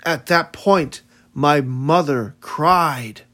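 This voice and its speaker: A man narrating a first-person audiobook in a measured, solemn way. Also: a little high, animated, a bit bright.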